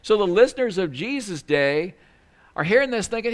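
Higher-voiced male pastor preaching casually. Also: big pitch swings, normal speed. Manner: conversational preaching with asides and self-corrections; acts out quoted lines in a small pleading voice. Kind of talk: sermon.

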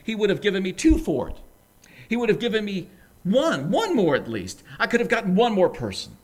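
A preacher acting out a grief-stricken middle-aged man, anguished and pleading. he circles back on himself again and again, his voice climbing high as each regret rushes out, all delivered within a spoken sermon retelling. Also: wildly swooping pitch, full character voice.

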